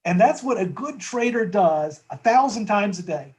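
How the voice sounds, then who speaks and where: A man's voice: high-pitched, expressive, normal speed, a little mellow, rough recording. A man as a guest in a conversational market discussion, talking thoughtfully with frequent restarts and tag questions.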